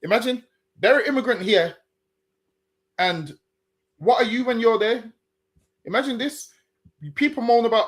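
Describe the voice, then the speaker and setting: An Englishman with a notably high voice argues his case earnestly. He reasons aloud and often trips over his words and starts again. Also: expressive, normal speed, pauses often. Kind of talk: casual discussion.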